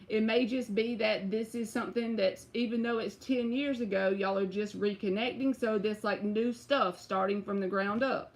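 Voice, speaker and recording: A woman giving a casual, chatty tarot reading on a live stream. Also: a little high. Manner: casual, chatty, uses y'all and bruh. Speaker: tarot reader.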